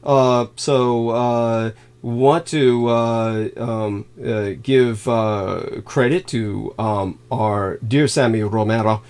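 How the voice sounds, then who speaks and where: A man hosting a livestream, rambling through thanks with many halting fillers, laughing suddenly and swearing now and then. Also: mid-range voice, fairly even intonation, a little mellow, clear, resonant tone. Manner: halting, filler-heavy, reads donor thanks aloud. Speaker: livestream host.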